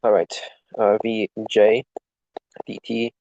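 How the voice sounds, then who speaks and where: A man's voice: fairly low pitch, flat delivery, slow, darkish tone, no echo. Young man, rambling student self-study walkthrough, swears at his gear, muffled dry mic. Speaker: student reviewing for an exam. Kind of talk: casual screen-recorded study walkthrough.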